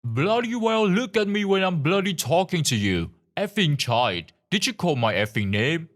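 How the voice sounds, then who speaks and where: A man voicing an aggressive man who shouts and swears at a stranger. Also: mid-range voice, sing-song, a little slow. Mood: angry. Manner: shouting insults.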